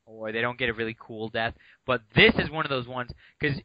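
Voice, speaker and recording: A man's voice: mid-range voice, brisk, dry recording. A man co-hosting a podcast, chatting casually about a book in a laid-back way, often with short replies. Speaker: podcast co-host. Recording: dull lo-fi podcast audio.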